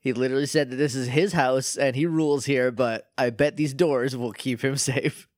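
A man's voice: mid-range voice, fairly even intonation, moderate pace, no room sound, clean studio sound. A man co-hosting a podcast, making wry joking asides in casual chat. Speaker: podcast co-host.

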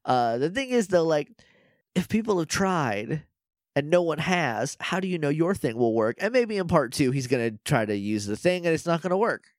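A man's voice: fairly high pitch, very animated, normal speed, no room sound, clean studio sound. A man co-hosting a podcast, recapping a TV episode in casual chat and playfully acting out the characters' lines as he goes. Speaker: podcast co-host.

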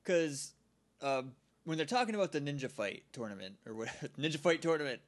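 A man co-hosting a podcast, chatting casually about an episode, laughing often and chiming in with quick remarks. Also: a little high, big pitch swings. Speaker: podcast co-host. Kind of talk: casual chat recapping a TV episode.

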